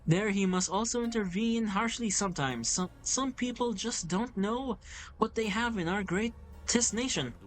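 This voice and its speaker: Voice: mid-range voice, moderate pace, lightly acted. A gamer reading aloud the lines of a proud teenage boy who defends his father, in a plain everyday voice with an insistent tone. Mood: defiant. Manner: defiant, insistent. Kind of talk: reading game dialogue aloud.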